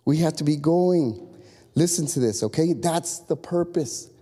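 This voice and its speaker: A lively pastor urging his church on with repeated calls and quick asides, in a fairly high but mellow voice. His words ring through a large sanctuary with a long echo. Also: husky. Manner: animated, repetitive exhortation with asides. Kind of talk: sermon.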